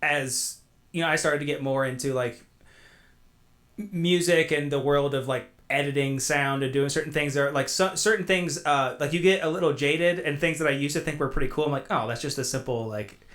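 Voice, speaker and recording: A man's voice: fairly high pitch, steady tone, a little fast, fairly bright tone. A man guesting on a movie podcast, musing in a loose, rambling way. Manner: rambling, lots of "like" fillers. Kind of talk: casual movie podcast chat.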